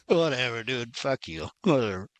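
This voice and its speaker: Animated, swearing podcast host. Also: male voice, mid-range voice, measured pace, dry recording. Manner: crude, laughing, swears a lot. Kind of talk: casual chat.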